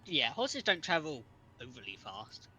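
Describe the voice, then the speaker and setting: A man's voice: mid-range voice, sing-song, a little slow, pushed and bright, breathy edge, low-quality recording. A man running a tabletop game, rambling and second-guessing himself aloud. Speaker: game master.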